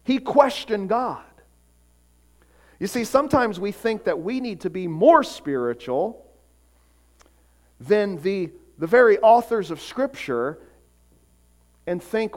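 A man preaching a sermon, earnest, swinging from emphatic peaks to quiet, soft passages. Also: high voice, expressive, takes it slowly, long pauses. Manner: acts out short voices in quotes. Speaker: pastor.

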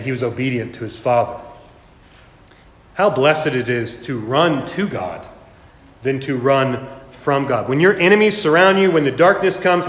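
Man, middle-aged pastor, sermon, earnest rising emphasis, slightly high voice, roomy church echo. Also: fairly bright tone. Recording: echoey hall, long reverb.

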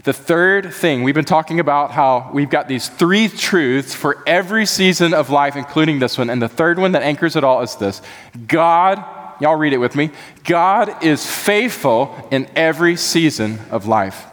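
A man's voice: a little high, moderate pace, fairly bright tone, big-room sound. A man preaching a sermon as pastor, earnest and building to impassioned emphasis.

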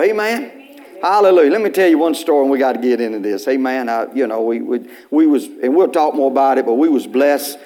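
A male pastor, preaching a sermon in church in a folksy storytelling way, with bursts of loud preaching. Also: medium pitch, lively intonation, brisk.

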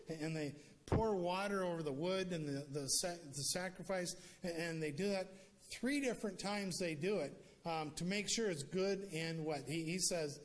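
A man's voice: on the high side, moderate pace. A male preacher retelling a scripture story in a casual, conversational sermon with joking asides.

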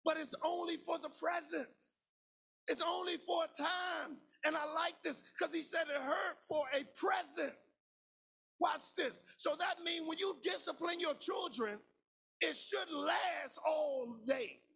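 Pastor, male, very high gravelly voice, shouting sing-song sermon. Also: unhurried. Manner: preaching with shouted, sing-song cadence and repetition.

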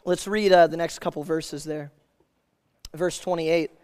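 Male preacher, high-pitched, conversational delivery with slow scripture reading. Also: steady tone, darkish tone, clear, resonant tone. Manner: casual and conversational, addresses listeners as "man" and "guys"; reads scripture aloud slowly. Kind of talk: sermon.

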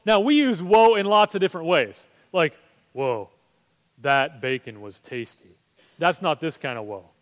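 Male pastor, high voice, chatty sermon delivery with plenty of rhetorical questions, long church reverb. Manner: conversational, asks rhetorical questions.

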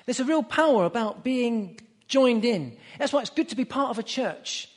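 A man's voice: very high voice, animated, normal speed. A man preaching a sermon, emphatic and fond of repeating key phrases. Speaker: pastor.

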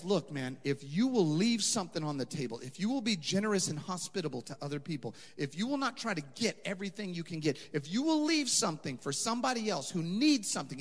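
Impassioned preacher in a reverberant hall. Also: male voice, sits high, a bit bright. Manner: impassioned, rising to emphatic peaks; conversational preaching with asides. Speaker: pastor. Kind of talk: sermon.

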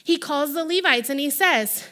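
A woman delivers a sermon in a high, bright voice. She is animated and lively, and she slips into playful quoted voices to act out her points. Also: moderate pace. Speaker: preacher.

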